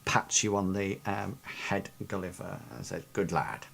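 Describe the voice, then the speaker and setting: A man's voice: sits low, level tone, a little slow, gravelly, fairly bright tone. A man narrating a fantasy tabletop game as game master, rambling with many fillers. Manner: rambling, many ums and sort-of-likes.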